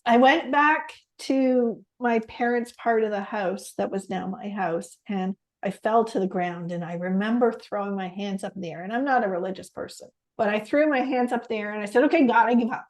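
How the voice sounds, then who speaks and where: A woman's voice: mid-range voice, normal speed, hardly any pauses. A middle-aged Canadian woman, a podcast guest, sharing a heartfelt personal story in an earnest way. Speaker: podcast guest, stress coach and author.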